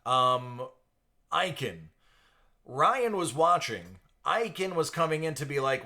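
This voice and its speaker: A man's voice: a little high, sing-song, slow pace, sharp tone. A man hosting a casual live stream, chatting with viewers by name and laughing often. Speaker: live stream host for card breaks. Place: at home.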